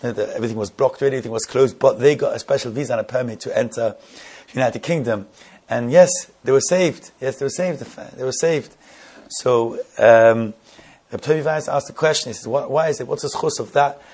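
A man telling a story in a sermon, halting and repeating words, building to emphatic questions. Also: mid-range voice, darkish tone, husky.

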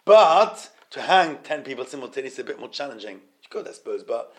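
A man's voice: mid-range voice, sing-song, brisk, fairly bright tone, breathy edge. A man giving an informal Torah class. He stops and repeats words, mixes Hebrew terms into his English, and asks his students questions.

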